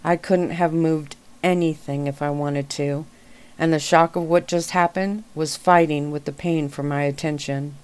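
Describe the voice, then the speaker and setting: A woman reading a story aloud in a gentle, calm, unhurried way. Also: sits low, smooth. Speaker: reader. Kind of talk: soft-spoken story reading.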